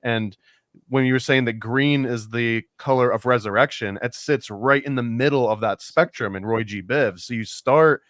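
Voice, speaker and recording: Casting: relaxed, slangy man explaining theories, dry close mic. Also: mid-range voice, normal speed, no room sound. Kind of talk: casual conspiracy talk.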